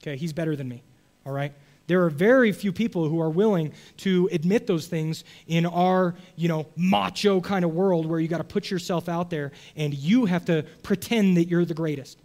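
A man's voice: high voice, normal speed, a little mellow. A man preaching a sermon in a conversational, emphatic way, often checking in with "okay?" and "right?". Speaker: pastor.

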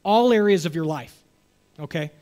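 A man's voice: fairly high pitch, expressive, moderate pace, darkish tone. A man preaching a sermon in a conversational, emphatic way, often checking in with "okay?" and "right?". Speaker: pastor.

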